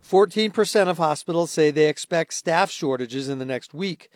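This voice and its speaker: A man filing a factual radio health report in a brisk manner. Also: a little high, no echo. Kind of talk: filed radio news report.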